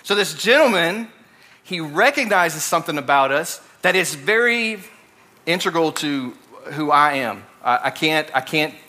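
Young alabama guy preaching casual, kinda high bright voice, lots of ums and restarts. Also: animated, a little slow. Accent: Alabama Southern. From Alabama, USA. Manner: conversational, many fillers and restarts. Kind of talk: casual sermon with storytelling.

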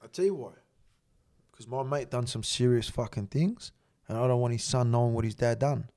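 A man's voice: medium pitch, normal speed. A middle-aged man, a podcast guest telling stories in casual chat. He talks animatedly, swears a lot and acts out what others said. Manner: animated, swears heavily, acts out quoted dialogue.

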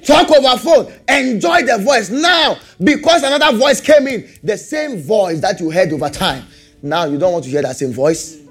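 A man preaching a sermon, animated, repeating rhetorical questions and laughing often. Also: sits high, moderate pace, slightly rough, faint music behind.

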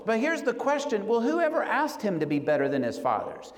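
A man preaching a sermon, telling a story earnestly and slowing down for emphasis. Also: high-pitched, wildly swooping pitch. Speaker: pastor. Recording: long hall reverb.

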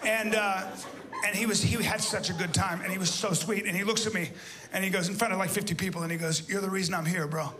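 A male stand-up comedian telling an animated story on stage, laughing through his lines. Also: high voice, fast talker. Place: comedy stage before a live audience. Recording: live club recording with loud crowd and music. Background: audience laughter and applause.

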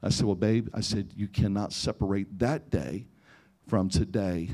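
A man's voice: on the low side, unhurried, darkish tone. A man preaching a sermon, telling personal stories and acting out conversations with frequent restarts. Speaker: pastor.

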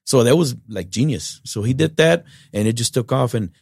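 A middle-aged man from Texas, telling stories in a relaxed, rambling way as an interview guest. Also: medium pitch, normal speed, gravelly, husky, no room sound, studio quality. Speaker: guest musician. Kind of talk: casual storytelling interview.

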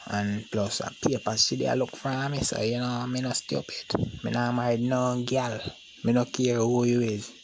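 A man's voice: medium pitch, level tone, moderate pace, background noise. A man talking casually to the camera, rambling and boastful with a lot of slang. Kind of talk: casual monologue.

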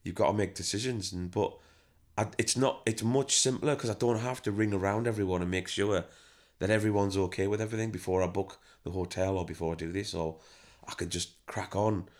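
A deep-voiced man chats casually about running his band. He tells stories freely and acts out quotes as he goes. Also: fairly quick. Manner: chatty, animated storytelling with acted-out quotes. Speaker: band member and manager, guest. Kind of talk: casual interview chat.

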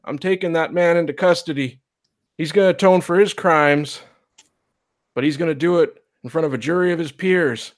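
A man's voice: fairly high pitch, moderate pace, pitched above the performer's own voice, lightly acted. A man voicing an old male US marshal with a folksy, authoritative drawl, in a tabletop role-play. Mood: commanding.

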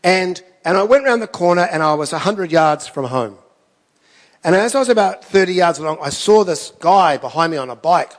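A man's voice: high-pitched, animated, normal speed, long reverb tail. A man preaching a sermon, telling stories in a conversational way with self-deprecating asides. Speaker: pastor.

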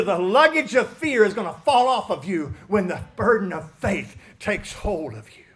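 A man preaching a sermon with fervor, swinging from shouts to hushed asides and calling out listeners by name. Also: sits high.

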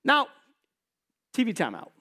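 A man's voice: very high-pitched, huge pitch swings, measured pace, bright, forceful tone, breathy edge. A man preaching a sermon in a conversational way, posing rhetorical questions to his listeners and slipping in jokes. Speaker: pastor.

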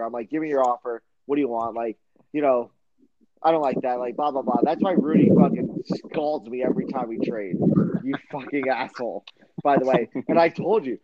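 A young man co-hosting a podcast, chatting casually and excitably, swearing and slipping into mocking impressions. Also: mid-range voice. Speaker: podcast co-host. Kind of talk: casual chat. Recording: dull sound with loud crowd noise.

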